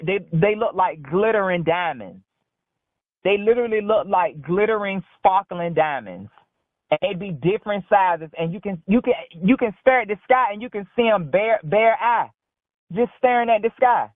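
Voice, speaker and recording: Telling a rambling story to a talk show as a caller, a woman with a medium-pitched voice speaks at a moderate pace, bluntly and with lots of swearing. The phone line sounds dry and tinny, with no echo.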